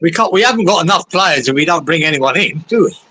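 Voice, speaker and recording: A man's voice: a little high, animated, quick pace, pushed and bright, slight background noise, low-quality recording. A man in a casual football fan chat, talking bluntly and swearing, calling others geezer. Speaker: podcast co-host.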